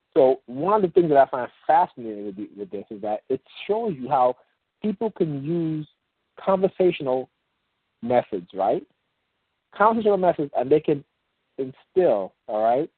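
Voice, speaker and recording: A man hosting a call-in show, explaining things in a rambling, halting way with many fillers and restarts, and reading example passages slowly. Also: mid-range voice, no room sound. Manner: reads example passages aloud in a slow, measured way. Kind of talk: casual talk on a phone call-in show. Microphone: phone. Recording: tinny phone line, dry.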